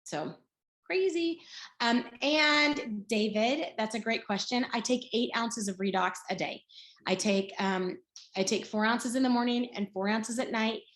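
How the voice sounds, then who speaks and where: A woman in her sixties shares her personal story on a video call, chatty and animated as she acts out the dialogue. Her voice sits a bit high. Her voice carries a noticeable room echo. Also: unhurried. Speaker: guest speaker. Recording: roomy echo.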